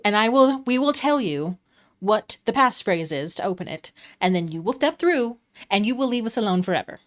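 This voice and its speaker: Pompous whiny carnival owner guy, high and loud, as a lady dm puts him on. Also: animated, moderate pace, close to an everyday voice. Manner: exasperated, theatrical complaining.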